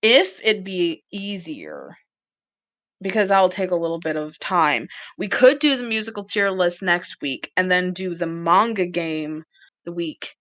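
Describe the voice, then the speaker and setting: A woman's voice: lowish voice, animated, a little slow, a bit bright, dry recording. A woman co-hosting a casual podcast, chatty and laughing often as she plans upcoming episodes. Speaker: podcast co-host. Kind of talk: casual chat.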